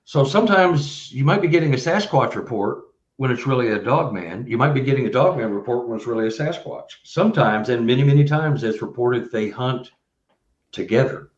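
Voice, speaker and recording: A man's voice: medium pitch, expressive, a little fast. A man from Missouri, a guest on a video call, talking casually and rambling with many fillers. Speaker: guest researcher. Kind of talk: casual interview talk. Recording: roomy, dull video-call audio.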